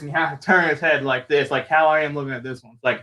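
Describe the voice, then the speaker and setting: A man hosting a casual chat, recapping a show in an animated, rambling way with frequent restarts. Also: on the high side, fast talker, hardly any pauses, poor audio. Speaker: show host.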